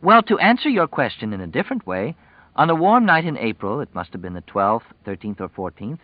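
A man voicing a sharp-tongued young pregnant woman, cool and sarcastic in her replies. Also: medium pitch, sing-song, a little fast, dry recording, lo-fi sound, pitched above the performer's own voice. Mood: cold.

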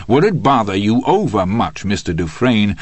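A man's voice: lowish voice, sing-song, normal speed, no echo. Sneering prosecutor guy, man reading it, pushy sarcastic questions, dry close sound. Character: sarcastic, hectoring male prosecutor in court.

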